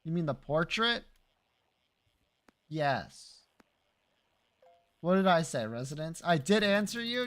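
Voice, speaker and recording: A man's voice: fairly high pitch, sing-song, slow pace, pauses often, fairly bright tone. A man streaming live, chatting casually with his viewers, teasing and joking and swearing freely.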